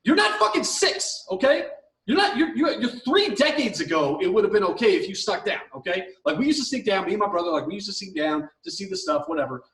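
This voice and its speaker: A man's voice: sits high, big pitch swings, fast, few pauses, recorded from a distance. Profane man ranting in a roomy room. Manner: profane, heated ranting with mocking impressions. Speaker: podcast co-host. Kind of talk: ranting advice podcast.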